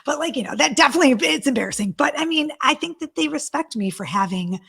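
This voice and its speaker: A woman's voice: high voice, animated, quick pace, vocal fry, a bit bright. A woman around fifty, a relationship coach, talking openly and emotionally as an interview guest, with frequent restarts and casual swearing. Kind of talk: candid interview conversation.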